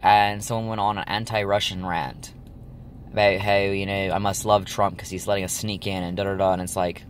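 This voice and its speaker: A man's voice: deep voice, flat delivery, brisk, slight background noise. A young man chatting casually to his viewers, rambling with lots of ums and likes. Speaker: vlogger. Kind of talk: casual chat to camera.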